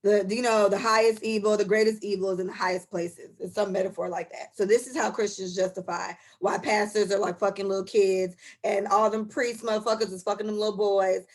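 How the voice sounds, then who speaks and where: A woman's voice: mid-range voice, fairly even intonation, brisk, hardly any pauses. A woman co-hosting a podcast, giving blunt, profane opinions in casual chat. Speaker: podcast co-host.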